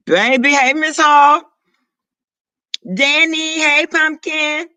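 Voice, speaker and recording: A man, chatting casually on a live stream, sassy and profane, throwing quick asides to his viewers. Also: extremely high pitch, expressive, pushed and bright, no echo. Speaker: vlogger greeting live chat.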